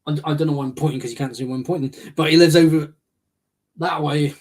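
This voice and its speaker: A man's voice: fairly high pitch, fairly even intonation, fast talker, a little mellow. A man hosting a podcast, chatting casually, laughing often and reading out comments from the chat. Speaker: podcast host.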